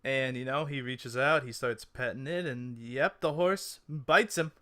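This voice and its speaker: A man's voice: medium pitch, a little slow, pushed and bright. A man narrating as game master of a tabletop game, laid-back and giggly.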